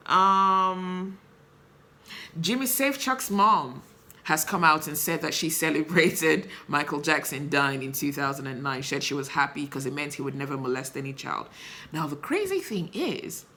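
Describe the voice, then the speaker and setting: Impassioned woman host, lowish voice with a bright edge, emphatic rhetorical delivery. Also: expressive, moderate pace. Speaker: show host. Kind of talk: opinion commentary to camera.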